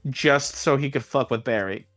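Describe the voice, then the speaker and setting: A man's voice: mid-range voice, moderate pace, a bit bright, no room sound, soft background music. A man co-hosting a stream, chatting in a hesitant, casual way with some swearing. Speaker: stream co-host.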